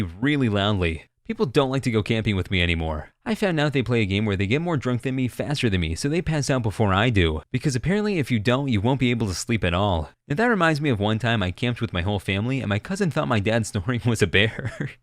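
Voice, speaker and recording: A man's voice: medium pitch, no room sound, studio quality. A man narrating a string of online stories with a wry delivery, sometimes slipping into other voices. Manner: quick, animated, wry, jumps into quoted voices. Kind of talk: reading online stories aloud.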